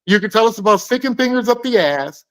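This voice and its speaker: High-voiced man, crude teasing banter. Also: expressive, fast talker, rough recording. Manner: loud, profane, teasing. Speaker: co-host.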